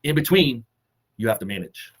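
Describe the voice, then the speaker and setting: A man co-hosting a fitness talk, delivering earnest, measured motivational advice and holding back emotion. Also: medium pitch, sing-song. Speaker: co-host of a fitness summit talk.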